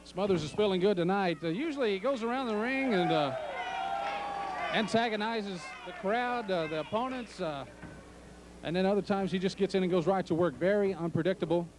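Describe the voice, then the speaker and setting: A man calling a wrestling match play-by-play, excited and joking. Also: high voice, a little fast, noisy background. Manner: excited, joking, shouts at big entrances. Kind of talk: play-by-play commentary.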